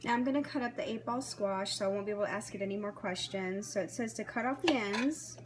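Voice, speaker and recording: A woman's voice: medium pitch, fast talker, background noise. Woman rambling thru a recipe while chopping, pans clattering in the background. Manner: chatty, thinking aloud while chopping. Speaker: home cook. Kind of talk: casual cooking vlog narration. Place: home kitchen. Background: clatter of knives, dishes and pans.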